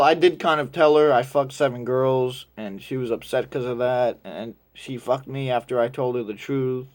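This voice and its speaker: A young man telling a crude personal story in a casual, rambling way, animated when quoting others. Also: on the high side.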